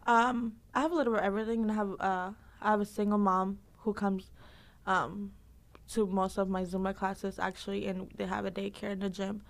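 A woman fitness instructor answering interview questions in a lively, casual way, laughing often and using lots of fillers. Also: mid-range voice, a little fast.

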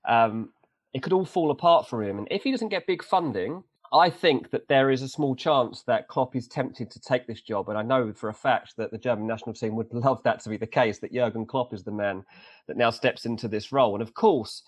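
Man in his thirties, podcast co-host, animated and joking, mid-pitched, dry close mic. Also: brisk, no room sound. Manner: animated storyteller, joking asides. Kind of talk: casual chat.

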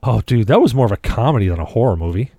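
A man at a middle pitch, chatting loosely as a podcast co-host. He rambles, restarts and swears as he tells his stories. The sound is dry and close, with no room in it. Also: very animated, rapid-fire, warm tone, dry recording. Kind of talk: casual chat.

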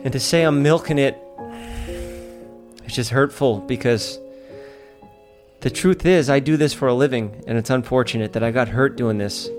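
A man from Staten Island, delivering an animated, profane, mock-outraged monologue as a podcast host, with faint music behind him. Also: medium pitch. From Staten Island, New York. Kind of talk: ranting comedic monologue. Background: faint sad music.

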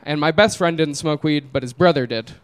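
A young man tells a long story on stage, relaxed and amused, and laughs often as he goes. His voice sits a little high for a man and comes across smooth and clear. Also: a little fast. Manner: laid-back, amused, laughs through his own story. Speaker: comedian telling a story on stage. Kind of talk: live storytelling. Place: small live venue.

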